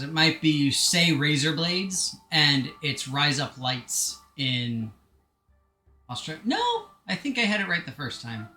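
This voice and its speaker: A man's voice: fairly high pitch, pushed and bright, roomy sound. A man live-streaming a video game, chatting casually in a rambling, self-deprecating way with joking asides. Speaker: gaming streamer.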